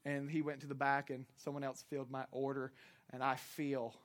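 A male minister with a Southern US accent preaching a sermon, swinging from loud, impassioned preaching to quiet storytelling. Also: medium pitch, flat delivery, moderate pace.

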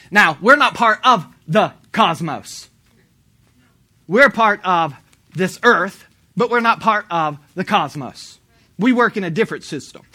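A man's voice: sits high, bright, forceful tone. A male preacher delivering a sermon in an emphatic, storytelling way, hammering repeated phrases.

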